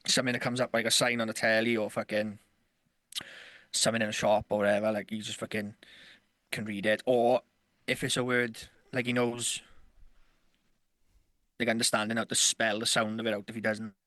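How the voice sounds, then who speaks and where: A man's voice: fairly low pitch, level tone, brisk, long pauses, fairly bright tone, no echo. A man co-hosting a podcast in casual chat, rambling and swearing, often laughing. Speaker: podcast co-host.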